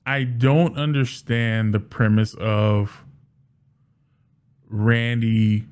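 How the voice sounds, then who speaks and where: A man giving casual solo commentary as a sports fan, animated, often restarting and repeating words. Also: fairly low pitch, drawn-out words, clean tone.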